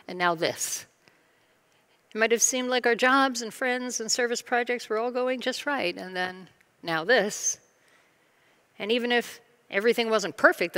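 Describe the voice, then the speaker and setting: A woman's voice: mid-range voice, creaky, pushed and bright. A woman pastor giving a recovery lesson in an earnest, conversational and personal way.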